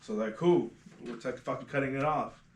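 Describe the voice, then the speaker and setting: A man who works as a barber, telling shop stories on a casual podcast in a profane, animated way and calling everyone "fool". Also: mid-range voice, moderate pace. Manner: profane, animated storyteller, says "fool" constantly. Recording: echoey room.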